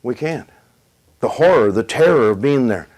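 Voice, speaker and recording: A middle-aged male preacher telling a testimony in a sermon. He paces the story with dramatic pauses, then pushes his voice up for emphasis. His pitch sits in an ordinary middle range for a man. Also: animated, a little mellow, poor audio.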